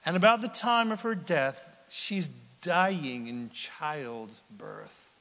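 A man preaching in a dramatic, unhurried style, his slightly raised voice leaping to loud bursts and sinking to whispers. The sound carries a long reverb, as in a large sanctuary. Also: a little high, expressive, vocal fry. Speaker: pastor. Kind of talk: sermon.

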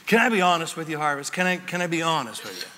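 Animated pastor preaching in a hall. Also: male voice, fairly high pitch, quick pace. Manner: animated storytelling, shifting from shouts to whispers. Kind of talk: sermon. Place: church sanctuary. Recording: long reverb of a large hall.

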